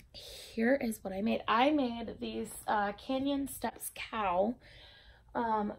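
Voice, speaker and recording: A young woman hosting a knitting podcast, chatting casually about her projects with lots of ums. She sounds a little out of breath and often drops her voice to a soft near-whisper. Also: on the high side, vocal fry. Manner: chatty, rambling with many ums.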